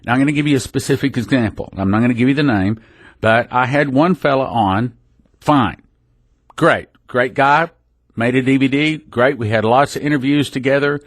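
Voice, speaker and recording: A man's voice: mid-range voice, normal speed, no echo. A man hosting a religious radio program, talking in a folksy, rambling way that often breaks off and restarts. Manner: folksy, rambling, self-interrupting. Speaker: radio ministry host. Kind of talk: casual religious radio talk. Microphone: studio microphone.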